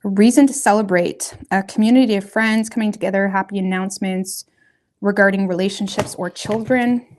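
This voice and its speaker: A woman's voice: medium pitch, fairly even intonation, a little fast, a little mellow. Casual, rambling woman reading tarot. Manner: rambling, colloquial, talks straight to viewers. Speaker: tarot reader.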